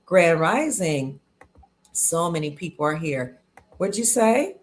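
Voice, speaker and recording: A woman's voice: on the low side, sing-song, slow pace. Chatty upbeat woman hosting a livestream. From Cleveland, Ohio, USA. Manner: chatty and upbeat, reading out viewer comments. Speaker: livestream host. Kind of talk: casual livestream chat greeting viewers.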